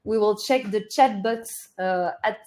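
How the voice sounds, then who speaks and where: A woman presenting a marketing webinar, delivering points in a steady, list-like way. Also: mid-range voice, measured pace. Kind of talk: presenting a webinar, partly read.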